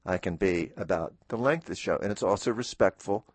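A man's voice: sits low, brisk, dry recording. A man hosting a radio show, talking in a rambling, heartfelt farewell monologue at a studio microphone. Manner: rambling, heartfelt, self-interrupting. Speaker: radio host.

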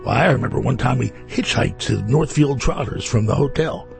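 Gravelly-voiced man rambling on air. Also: mid-range voice, animated, normal speed, over music. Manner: rambling, wry storyteller. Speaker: radio host. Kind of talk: casual chat. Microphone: studio microphone.

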